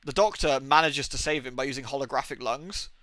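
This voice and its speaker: A man's voice: mid-range voice, brisk, fairly bright tone, no echo. A young man chatting casually on a livestream, swearing often and laughing as he talks about old TV episodes. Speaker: streamer.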